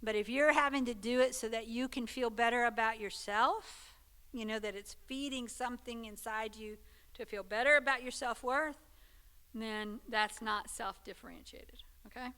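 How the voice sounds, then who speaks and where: Bright, clear-voiced woman teaching. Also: fairly high pitch, moderate pace. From Texas. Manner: conversational, checks in with listeners. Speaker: Sunday school teacher. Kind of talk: church teaching talk.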